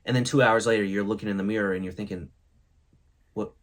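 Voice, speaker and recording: A man's voice: lowish voice, steady tone, rapid-fire. A man hosting a comedy show, delivering corny jokes and a monologue with a playful, theatrical manner. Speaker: host. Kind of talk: comedic joke-telling monologue.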